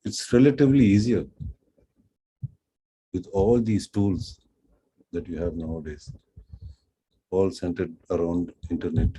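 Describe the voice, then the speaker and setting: Deep, slow-spoken man with an Indian accent. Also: warm tone, slightly rough, rough recording. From Pondicherry, India. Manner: unhurried, self-deprecating, acts out quoted dialogue. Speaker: French teacher. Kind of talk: storytelling lecture.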